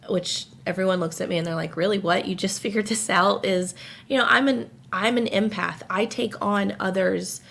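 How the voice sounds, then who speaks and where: A woman's voice: on the low side, creaky, fairly bright tone, slight background noise. A woman co-hosting a casual podcast, venting emotionally and holding back tears. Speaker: podcast co-host.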